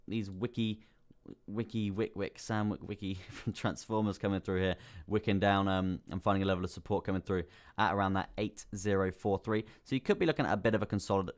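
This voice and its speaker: A man hosting a live crypto stream, talking casually through chart analysis, repeating phrases and calling viewers bro. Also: lowish voice. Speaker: crypto livestream host.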